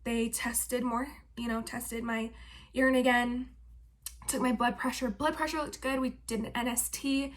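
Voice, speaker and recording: A young pregnant woman talks to her camera in a casual, chatty vlog update. Her voice sits a little high, and she leans on "like" and "um" as she rambles through her story. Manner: chatty, filler-heavy with frequent "like" and "um". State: heavily pregnant. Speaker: vlogger.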